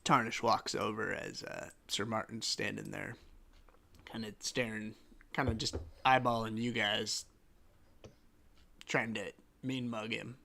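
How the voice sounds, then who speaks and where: Gravelly-voiced man game master. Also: on the low side, fairly even intonation, measured pace, long pauses, sharp tone. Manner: casual, rambling, filler-heavy. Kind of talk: narrating a tabletop game.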